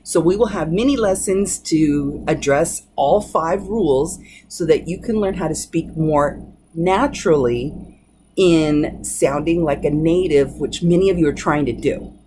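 A woman teaching an English pronunciation lesson, speaking slowly and deliberately and drawing out example words. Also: sits low, dark tone, slight background noise.

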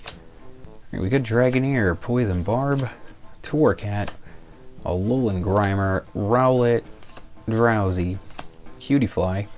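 A young man with a lowish voice talks slowly and unhurriedly as he opens card packs, muttering the cards he pulls and griping in exaggerated disbelief. Faint music plays under his voice. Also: a little mellow. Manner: exasperated, muttering card names, mock outrage. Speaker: card-opening vlogger. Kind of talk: casual pack-opening commentary.

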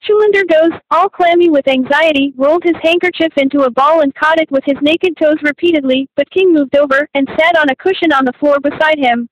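A woman's voice: high voice, a little fast, few pauses, dry recording, poor audio. A woman reading a novel aloud as an audiobook narrator, in scripted narration.

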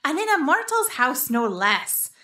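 A woman's voice: high voice, very animated, a little slow, pushed and bright, voice pushed up, heavily acted. A woman voicing a stern adult fairy who growls and scolds with exasperation. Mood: exasperated.

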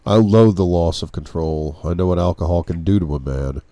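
Deep, dark-voiced male audiobook narrator. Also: no echo. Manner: brooding, measured reading. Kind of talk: first-person audiobook narration.

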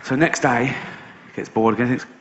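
A man's voice: medium pitch, steady tone, fairly quick, a bit bright, lo-fi sound. A middle-aged man doing a stand-up routine, telling a story sardonically and swearing casually. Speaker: stand-up comedian. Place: live stage show.

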